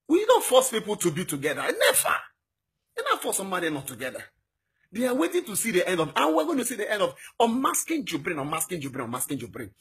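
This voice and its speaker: A young man with a Nigerian accent, his voice a bit bright and husky, delivers a fiery, exhorting political appeal as an activist. His pitch leaps high whenever he poses rhetorical questions.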